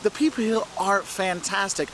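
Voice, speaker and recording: Out on a city street, with traffic faintly audible behind him, a man hosts a travel video and addresses the camera head-on. His voice is fairly high and a bit bright, and he speaks with enthusiasm at a normal pace.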